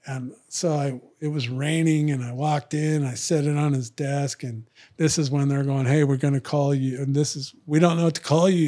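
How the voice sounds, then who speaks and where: A man's voice: a little high, darkish tone. A man telling a long story in casual podcast chat, acting out other people's lines in raised voices. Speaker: podcast guest, retired fighter.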